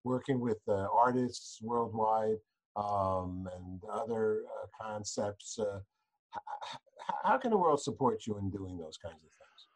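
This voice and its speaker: A man's voice: fairly low pitch, expressive, a little slow, rough recording. A man hosting an interview, chatting in an encouraging way. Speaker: interview host. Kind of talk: casual interview.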